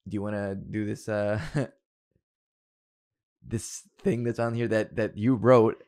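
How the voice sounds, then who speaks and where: A woman's voice: extremely low pitch, steady tone, takes it slowly, a little mellow. A woman co-hosting a podcast in casual chat, answering with dry, short reactions. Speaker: podcast co-host.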